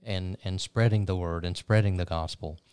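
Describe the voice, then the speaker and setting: Deep, smooth-voiced male interviewer. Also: fairly even intonation, a little mellow, no echo. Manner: measured, hesitant with fillers. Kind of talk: interview conversation.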